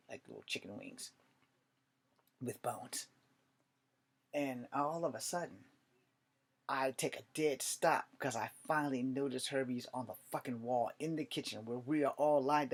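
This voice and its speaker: A young man from Virginia telling a casual, profane story, swinging between loud outbursts and quiet asides. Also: medium pitch, slightly rough.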